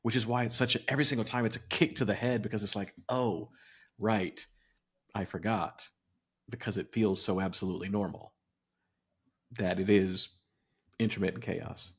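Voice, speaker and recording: A man's voice: lowish voice, fairly even intonation, fairly quick, husky. A man co-hosting a podcast in casual chat, reflective and wry, often restarting his sentences as he thinks aloud. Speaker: podcast co-host.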